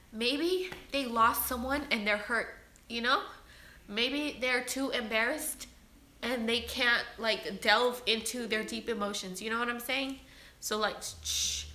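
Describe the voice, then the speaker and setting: A woman's voice: fairly high pitch, pushed and bright. A woman hosting a livestream, reading viewer entries aloud and talking to her audience in an emotional, pleading, earnest way. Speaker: livestream host. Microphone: webcam or phone on a livestream. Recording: roomy echo.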